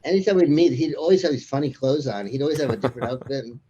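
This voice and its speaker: A man's voice: medium pitch, racing, mellow, slightly rough, highs cut off. A man as an interview guest, chatting casually and rambling through anecdotes with frequent chuckles. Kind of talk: casual conversation.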